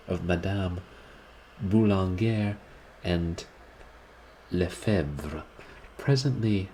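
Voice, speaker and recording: A man reading a classic short story aloud, in a deliberate, expressive manner, shifting his voice for the characters. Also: low-pitched, a little hiss or hum, rough recording.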